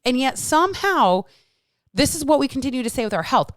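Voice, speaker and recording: A woman in her thirties rants on her own podcast, blunt and exasperated, swearing freely. Her voice is smooth and clear. The sound is dry and close, with no room around it. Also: high-pitched, sing-song, moderate pace, no room sound. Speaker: fitness coach and podcast host. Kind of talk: solo podcast rant.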